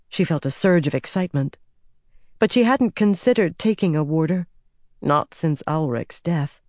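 A man narrating a fantasy audiobook in an even, measured storytelling voice. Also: fairly high pitch, no room sound, studio quality.

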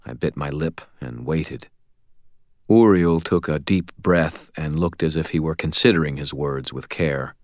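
A man narrating a novel in the first person, telling it in a steady, plain way. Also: extremely low pitch, a little slow, no room sound, clean studio sound. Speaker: audiobook narrator.

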